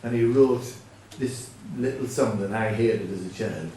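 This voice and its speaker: Rambling comic folk singer, echoey hall. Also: male voice, on the low side, measured pace, slight background noise. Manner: rambling, deadpan comic patter with self-corrections. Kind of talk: comic storytelling at a live folk gig. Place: live venue with audience. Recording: echoey room from far off.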